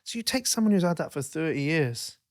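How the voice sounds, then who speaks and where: A man co-hosting a podcast in casual chat, rambling and self-interrupting, swearing freely and getting animated when he tells stories. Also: a little high, fairly quick. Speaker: podcast co-host.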